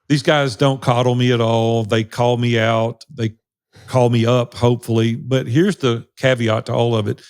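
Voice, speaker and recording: A middle-aged man co-hosting a podcast, talking in a blunt, direct, plain-spoken way in casual conversation. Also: medium pitch. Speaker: podcast co-host.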